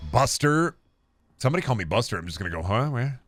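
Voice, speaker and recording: Joking lower-voiced man streaming a game. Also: sing-song, fast talker, fairly bright tone, soft background music. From Iowa. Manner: joking, offhand, answers chat questions; slips into gruff mock-dad phrasing. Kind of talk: casual live-stream chat while gaming.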